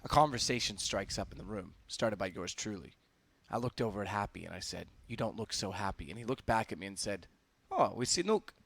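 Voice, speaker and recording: A man on a live esports broadcast telling an animated, theatrical story to his co-casters. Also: on the low side, fairly quick, gravelly, few pauses. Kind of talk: storytelling chat.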